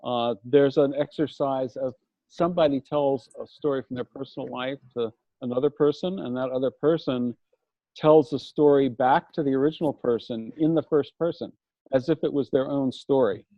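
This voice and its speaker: A man speaking as a guest in a casual discussion, explaining ideas and telling anecdotes in a measured way. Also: medium pitch, steady tone, no room sound. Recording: dull dry lo-fi audio.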